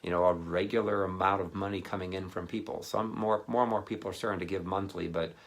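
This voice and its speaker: Talking fast in a low voice, a male ministry speaker rambles through a casual sermon built around a personal anecdote. He performs the words of others in animated quoted voices.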